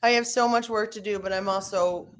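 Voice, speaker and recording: A woman's voice: medium pitch, fairly even intonation, fairly quick. Chatty woman co-hosting local radio. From not from the US. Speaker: radio show co-host. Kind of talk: casual chat.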